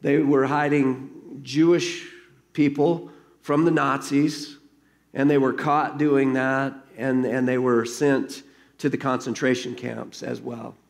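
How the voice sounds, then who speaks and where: A man's voice: medium pitch, flat delivery, slow, creaky. A man preaching a sermon as pastor, earnest and conversational, reading a story aloud to his congregation.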